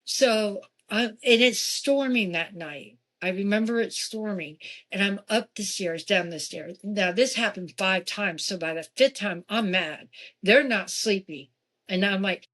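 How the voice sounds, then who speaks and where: A woman's voice: medium pitch, a little slow. A woman telling a ghost story in conversation. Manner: animated, acts out quoted dialogue; frequent asides and restarts. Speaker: podcast guest. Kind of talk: casual personal storytelling.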